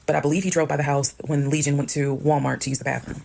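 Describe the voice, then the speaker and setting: A woman telling a personal story in a casual storytime monologue, brisk and matter-of-fact, acting out the people she quotes. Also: low voice, little pitch movement, creaky, darkish tone, slight background noise. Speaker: storyteller recounting her own experience.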